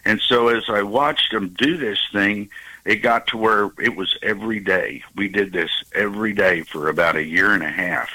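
A man in his sixties calling in to a talk show and telling a personal story, halting with many fillers and restarts. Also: lowish voice, sharp tone, low-quality recording. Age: 60s. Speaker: caller.

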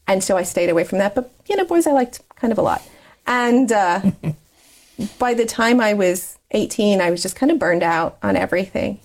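A woman's voice: medium pitch, animated, moderate pace. A woman in her forties telling her life story in an interview, chatty and candid, laughing often as she talks. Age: 40s. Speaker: interview guest. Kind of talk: personal life story in conversation.

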